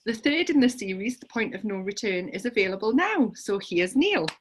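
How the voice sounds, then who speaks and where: A woman's voice: medium pitch, big pitch swings, normal speed, noisy background. A woman hosting a book launch event, introducing guests in a chatty, light, joking way. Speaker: host.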